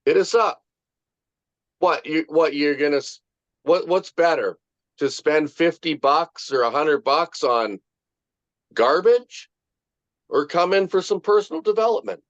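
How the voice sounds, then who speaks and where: A man's voice: on the high side, animated, measured pace, long pauses, dry recording. A man leading a casual motivational group talk, emphatic, swearing freely and repeating his points. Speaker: group leader. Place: online video meeting. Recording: muffled dry video call recording.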